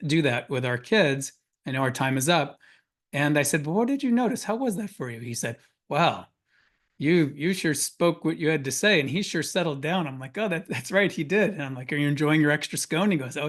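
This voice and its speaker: A man presenting on a webinar panel, telling a personal story earnestly with frequent restarts. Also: on the high side. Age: adult parent of a school-age child.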